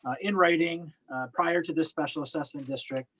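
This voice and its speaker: A man's voice: on the high side, fairly quick, noisy background. A man on township staff giving a formal report at a meeting, plain and hesitant with many fillers.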